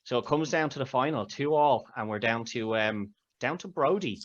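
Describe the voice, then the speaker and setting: A man co-hosting a podcast, steering the chat with relaxed ums and uhs. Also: medium pitch, moderate pace, highs cut off. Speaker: podcast co-host. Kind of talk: casual chat, running a segment.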